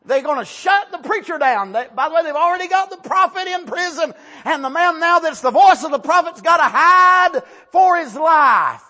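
Male preacher, high and bright, fervent sermon delivery, builds to shouts. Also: animated. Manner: impassioned, drawn-out emphasis, rising to shouts; calls out "Amen" between points.

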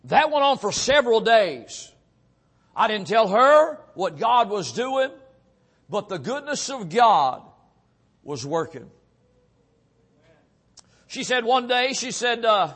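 A middle-aged man preaching, telling his own testimony earnestly and often dropping to a hushed voice. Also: high-pitched, big pitch swings, slow, long pauses, husky. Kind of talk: sermon testimony.

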